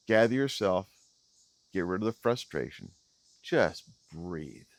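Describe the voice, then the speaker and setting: A middle-aged man talking straight to the camera on a selfie stick outdoors, in an emphatic, repetitive motivational vlog style. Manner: emphatic, repeats key phrases, rising pitch on stressed words. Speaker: video creator. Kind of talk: unscripted motivational vlog talk.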